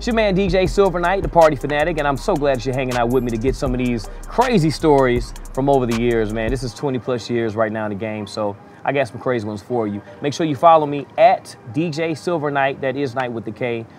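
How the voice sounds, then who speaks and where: A man's voice: medium pitch, brisk, hardly any pauses, darkish tone, soft background music. A man working as a DJ tells a wild story in a casual, profane way, chuckling as he goes. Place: outdoors in a city.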